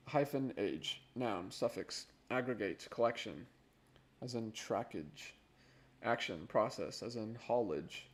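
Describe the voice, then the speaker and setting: A man's voice: mid-range voice, a little mellow, slight background noise. A man reading dictionary entries aloud for his vlog, casual and chuckling, often correcting his own pronunciation. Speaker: vlogger.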